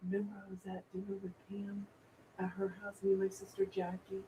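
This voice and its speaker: A woman's voice: mid-range voice, completely flat delivery, fairly quick, warm tone, slight background noise, poor audio. A woman co-hosting a podcast, chatting casually and answering with short agreeing replies. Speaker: podcast co-host. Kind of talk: casual chat.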